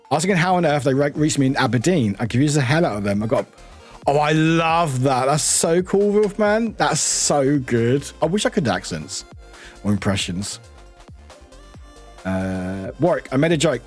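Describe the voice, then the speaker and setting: Lively husky male streamer. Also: mid-range voice. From United Kingdom. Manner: lively, swears freely, answers chat aloud. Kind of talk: casual chat reading live chat.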